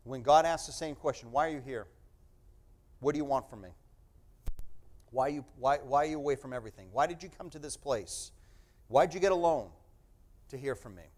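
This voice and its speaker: A man's voice: medium pitch, expressive, normal speed, pauses often, darkish tone. Man preaching with sweeping volume swings. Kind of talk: sermon.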